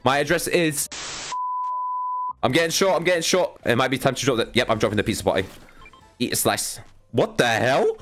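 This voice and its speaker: A young man giving excitable live commentary on his own video game play, talking to his viewers and breaking into exasperated outbursts. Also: mid-range voice, fairly quick, long pauses, faint music behind. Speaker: gaming YouTuber.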